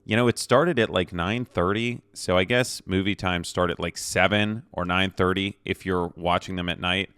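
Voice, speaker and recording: A man's voice: low voice, steady tone, normal speed, few pauses, fairly bright tone, clear, resonant tone, no echo. A man giving a casual movie review with spoilers, talking in a rambling, chatty way with lots of fillers and a habit of tacking "okay?" onto his points. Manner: rambling, chatty, many fillers and restarts, tags lines with "okay?".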